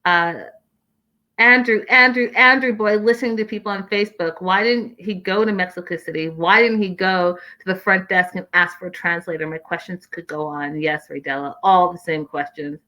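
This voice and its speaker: A woman hosting a casual recap show, reading out viewer comments and giving her own blunt, animated opinions straight to viewers. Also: on the low side, normal speed, hardly any pauses, low-quality recording. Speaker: host.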